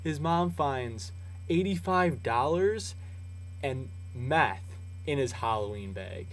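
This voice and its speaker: A young man hosting a casual news vlog, chatty and jokey, swinging from loud rants to low asides. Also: lively intonation, slow pace, a little hiss or hum, poor audio.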